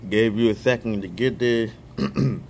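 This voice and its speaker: A man praying fervently and reading scripture aloud outdoors, excitable and stumbling over repeated words, speaking each punctuation mark aloud. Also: fairly low pitch, normal speed, creaky, slight background noise. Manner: reads punctuation marks aloud. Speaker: online Bible reader.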